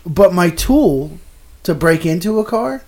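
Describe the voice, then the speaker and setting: Profane, animated male storyteller. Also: a little slow. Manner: animated, swinging between low mutters and loud outbursts. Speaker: storyteller in a casual podcast. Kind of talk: casual chat.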